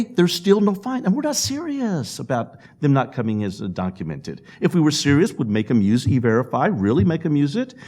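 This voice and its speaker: A man speaks at a public panel, his pitch rising and falling in a lively, animated way. He tells stories and slips into the voices of the people in them. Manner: storytelling with acted-out quotes and laughs.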